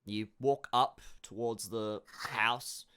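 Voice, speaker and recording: A man's voice: medium pitch, steady tone, slow pace, a bit bright, clean tone. A man narrating as game master in a casual, meandering way, with lots of fillers and restarts.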